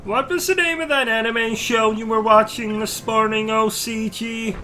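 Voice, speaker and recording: Man playing a meek, high, bright-toned assistant, slow and umming, faint music behind. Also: steady tone, slight background noise. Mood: hesitant. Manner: starts nearly every line with a nervous "um" or "uh". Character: timid, hesitant male sidekick assistant.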